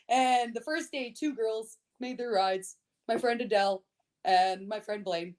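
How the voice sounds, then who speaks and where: Salty, animated woman spinning a yarn. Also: on the high side, slow. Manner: swears a lot, lively and laughing. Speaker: podcast guest. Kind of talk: casual storytelling chat.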